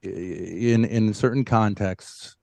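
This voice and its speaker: A man on a debate panel, speaking haltingly, with many pauses and restarts. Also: fairly low pitch, gravelly, warm tone. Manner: halting, full of fillers and restarts. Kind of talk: heated debate.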